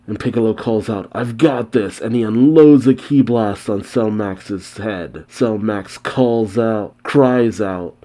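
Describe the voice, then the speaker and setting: A man recapping a comic chapter scene by scene with casual asides of his own. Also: fairly low pitch. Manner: steady storytelling narration with casual asides. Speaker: manga reaction host. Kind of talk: manga chapter recap and commentary.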